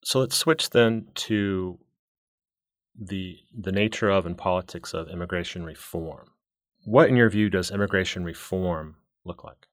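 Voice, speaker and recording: A man hosting a podcast interview, asking long, deliberate questions. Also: sits low, no room sound, studio quality.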